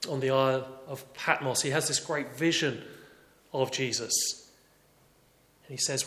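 A man preaching a sermon earnestly, moving between raised emphasis and quiet, reflective passages. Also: mid-range voice, fairly even intonation, a little slow, long pauses. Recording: echoey hall reverb.

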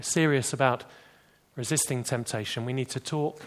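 A man preaching a sermon, animated, rising for emphasis and dropping to quiet, serious points. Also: medium pitch, moderate pace. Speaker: pastor.

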